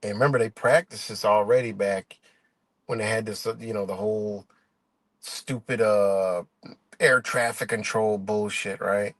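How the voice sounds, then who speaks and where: A man's voice: fairly low pitch, fairly even intonation, unhurried, fairly bright tone, no echo. Profane ranting man, dry close mic. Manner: profane, exasperated, rambling rant with mocking quoted voices. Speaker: livestream host. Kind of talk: ranting live stream monologue.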